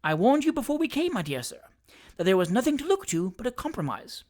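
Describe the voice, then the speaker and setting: A reader voicing a bustling, ingratiating little male attorney, coaxing in a soothing, wheedling tone, with a lively, swooping pitch. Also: fast talker, natural voice. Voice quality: soothing, wheedling, keeps repeating "my dear sir". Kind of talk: audiobook character reading.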